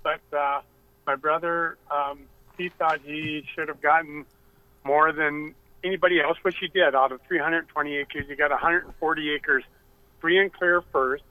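A man calling into a radio show, telling his story haltingly with many pauses and fillers. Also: fairly high pitch, steady tone, sharp tone, poor audio. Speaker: caller.

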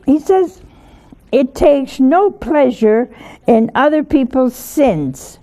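A woman's voice: high voice, lively intonation, slow pace, dark tone. A woman giving an informal sermon, folksy and full of anecdotes, often checking in with her listeners with questions. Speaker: preacher.

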